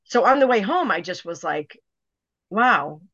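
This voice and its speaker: A middle-aged woman, telling a personal story in an interview, animated and full of "you know" fillers. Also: mid-range voice, a little slow, no echo. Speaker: author guest. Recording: dry, dull lo-fi sound.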